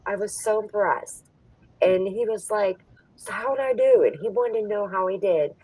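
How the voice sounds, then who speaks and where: A woman's voice: mid-range voice, normal speed, a little mellow, slightly rough, no echo, far from the mic, rough recording. A middle-aged woman telling stories in casual chat, laughing often as she talks. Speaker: poker stream co-host.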